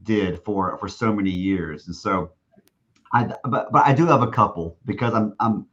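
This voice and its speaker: A man's voice: lowish voice, moderate pace, fairly bright tone, highs cut off. A man telling a long anecdote as a podcast guest, restarting often and acting out what others said. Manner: rambling with many restarts, acting out quoted speech. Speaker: guest, stadium announcer. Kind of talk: storytelling in a podcast interview.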